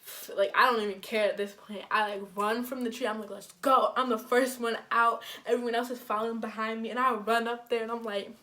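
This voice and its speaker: A young woman from Minnesota, casually telling a personal story to camera, animated and full of "like", acting out what people said. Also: fairly high pitch, fast, hardly any pauses. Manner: animated, heavy use of "like", acts out quotes. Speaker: storytime vlogger.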